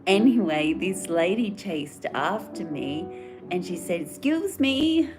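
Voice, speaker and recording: A woman's voice: fairly low pitch, unhurried, over music. A woman chatting casually and earnestly on a live stream, rambling and reading out viewer comments. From Australia. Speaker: livestream host.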